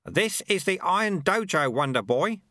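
A man voicing a stern, sharp-tongued old male sweeper monk who snaps his words, in an audiobook. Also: high voice, very animated, normal speed, no room sound, clean studio sound, voice pushed up, exaggerated voice. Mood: stern, scolding. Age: older. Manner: snapping, stern. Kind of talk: audiobook character voice.

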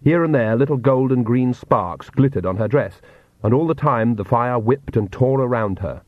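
A man narrating an audiobook in measured, even storytelling. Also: mid-range voice, no room sound, phone-quality sound. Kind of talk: scripted narration.

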